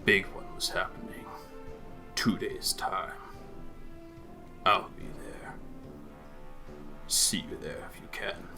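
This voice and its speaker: Undead rider, terse and grim, breathy husk of a voice, low and hushed; a man puts it on. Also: over music. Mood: grim, menacing. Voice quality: dry husky whisper. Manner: slow, clipped sentences.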